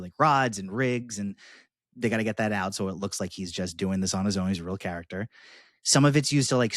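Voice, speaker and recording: A man with a lowish voice co-hosts a casual movie podcast, circling his points with plenty of "like" and "um." The sound is dry and close, with no room around it. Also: no room sound. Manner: rambling, many fillers and restarts. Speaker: podcast co-host. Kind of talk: casual film review chat.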